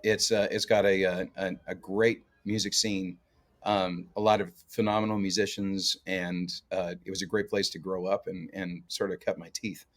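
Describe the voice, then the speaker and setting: A man's voice: deep voice, little pitch movement, moderate pace. A man from Canada, a guest co-host and musician, chatting casually in a jokey storytelling way with lots of fillers. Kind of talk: casual podcast chat.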